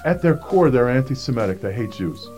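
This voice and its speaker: A man's voice: medium pitch, very animated, fairly quick, darkish tone, faint music behind. A man telling a personal faith testimony in an earnest storytelling manner, acting out the voices of the people he quotes. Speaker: speaker giving a personal testimony.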